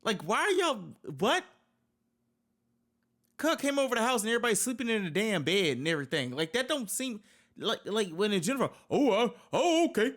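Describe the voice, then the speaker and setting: A man's voice: high-pitched, sing-song, fairly quick, a bit bright. A man hosting a reaction video, reacting in casual, profane, exasperated outbursts.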